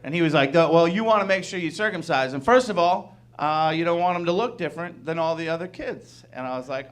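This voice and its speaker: A man in his thirties performing a stand-up comedy set, talking conversationally and acting out quick incredulous bits of dialogue. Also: fairly high pitch, a little hiss or hum. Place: comedy club stage.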